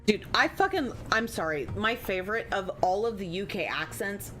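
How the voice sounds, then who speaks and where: A woman's voice: mid-range voice, animated, normal speed, a bit bright, faint music behind. Chatty woman streamer, rambling and swearing. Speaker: game streamer. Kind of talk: casual live-stream chat.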